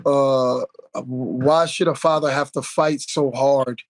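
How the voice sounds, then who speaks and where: A man in a casual podcast conversation, telling a story in an animated, indignant way. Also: mid-range voice, takes it slowly. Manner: animated storyteller, indignant, many fillers and restarts.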